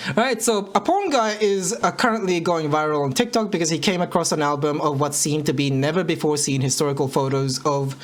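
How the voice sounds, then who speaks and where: A man's voice: fairly high pitch, brisk. A man rambling through livestream reaction commentary, correcting himself and laughing at his own words. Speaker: commentary streamer.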